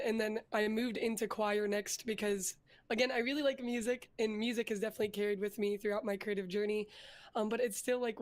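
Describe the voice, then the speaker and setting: A young woman with a hoarse voice from being sick, chatting as a guest in an interview and telling her story in an upbeat, rambling way. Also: a little high, no room sound. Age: young adult. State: hoarse from illness. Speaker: guest vtuber. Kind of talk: casual interview chat.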